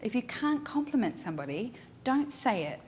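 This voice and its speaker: A woman's voice: on the high side, moderate pace. A middle-aged woman photographer teaching a workshop in her studio, speaking frankly and emphatically. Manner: frank, emphatic, animated storyteller. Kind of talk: instructional talk to a class. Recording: long hall reverb with faint noise.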